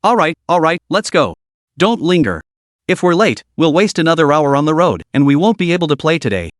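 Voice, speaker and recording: A brisk, scolding young woman who nags her friend to hurry, read out by the male narrator. Her lines come a bit high and lively, dry and close to the mic. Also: no room sound. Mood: bossy.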